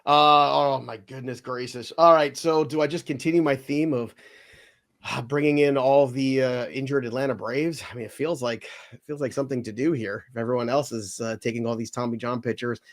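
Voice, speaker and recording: A man hosting a casual sports podcast, animated and given to mock outrage. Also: medium pitch, fairly quick. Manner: animated, mock-outraged when picks are taken. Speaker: podcast host running a mock draft.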